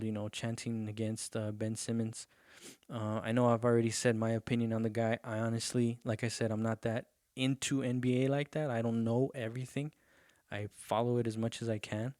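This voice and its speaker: A man's voice: mid-range voice, a little mellow, no echo, studio quality. Rambling, profane young man on a podcast. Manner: loose, profane, rambling with many fillers. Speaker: podcast host. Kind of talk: casual solo podcast rant.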